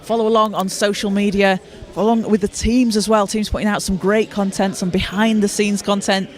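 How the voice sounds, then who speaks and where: Man, high voice, live sports commentator, courtside, steady informative delivery. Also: brisk. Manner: steady, informative, with occasional restarts. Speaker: play-by-play commentator. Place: courtside at a basketball arena.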